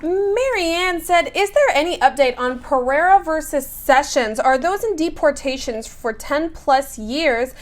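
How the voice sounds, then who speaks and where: Upbeat high-voiced woman co-host. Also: expressive, a little slow, few pauses. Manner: upbeat, sing-song calls to action. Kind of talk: live web show promo chat.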